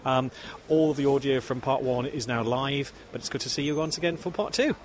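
Fast-talking man hosting a show. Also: mid-range voice, slight background noise. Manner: chatty, rambling, jokey. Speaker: show host. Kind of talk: roving show interview.

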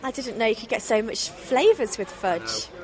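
Lively higher-voiced woman co-host. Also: moderate pace, crowd noise. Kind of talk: casual interview questions.

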